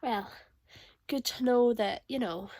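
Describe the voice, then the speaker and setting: A woman's voice: fairly high pitch, slow, a little mellow, no echo. A young woman vlogging emotional reactions aloud as she reads a novel. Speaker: booktuber reading a novel. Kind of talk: casual reading vlog reactions.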